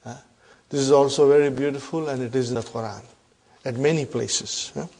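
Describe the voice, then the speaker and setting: A man teaching an Arabic grammar class, repeating example sentences slowly and often checking in with the students. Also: mid-range voice, steady tone, darkish tone. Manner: checks in often with "huh?" and "are you with me".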